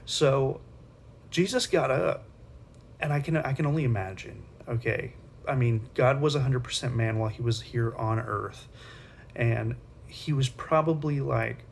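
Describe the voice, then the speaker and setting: A man's voice: mid-range voice, normal speed, vocal fry, a little hiss or hum. Casual, slangy male Sunday school teacher. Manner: conversational, slangy, animated retelling. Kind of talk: casual Bible storytelling lesson.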